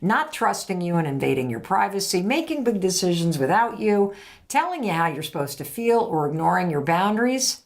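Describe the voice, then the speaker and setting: A woman's voice: on the low side, sing-song, a little fast. A woman hosting a podcast, giving direct, emphatic motivational advice and acting out what partners say. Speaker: podcast host.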